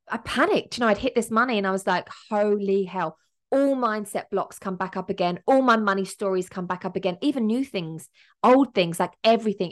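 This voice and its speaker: A woman, hosting a solo podcast as a business coach and talking in an emotional, upbeat, motivational way. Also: medium pitch.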